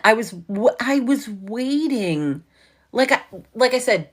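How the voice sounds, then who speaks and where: A woman's voice: medium pitch, expressive, a little slow. A woman from New York with a New York accent, hosting a casual livestream chat and telling a story full of swearing and laughter. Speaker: livestream host.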